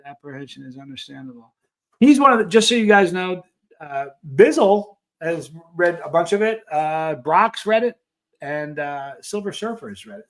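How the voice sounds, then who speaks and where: A middle-aged man hosting a casual livestream, reading out and answering chat comments in an earnest, rambling way with many restarts. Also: fairly high pitch. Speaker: livestream host.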